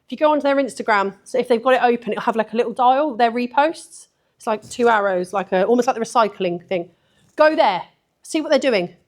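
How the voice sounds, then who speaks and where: A woman's voice: on the high side, a little fast. A woman giving a blunt, sweary, chatty talk at a photography event, laughing often. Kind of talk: live conference talk.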